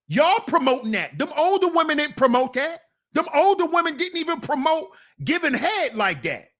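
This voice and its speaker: High-voiced scolding man ranting. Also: a bit bright. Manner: blunt, scolding, talks back to viewers. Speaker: commentary channel host. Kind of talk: casual commentary rant.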